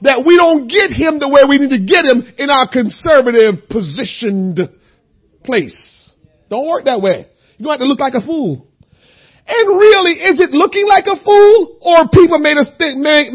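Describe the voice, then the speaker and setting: A man teaching a Bible lesson in a sermon style, telling stories with humor and rising into emphatic shouts. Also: very high-pitched, highs cut off. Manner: animated storytelling, breaking into shouts for emphasis; humorous, folksy. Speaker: church teacher.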